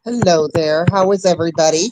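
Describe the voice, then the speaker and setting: A woman's voice: lowish voice, a little fast, noisy background. A woman calling into a livestream panel on speakerphone, explaining things firmly. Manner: firm, explanatory. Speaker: panel caller. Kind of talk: casual livestream panel chat. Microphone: phone on speakerphone. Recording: dull speakerphone audio.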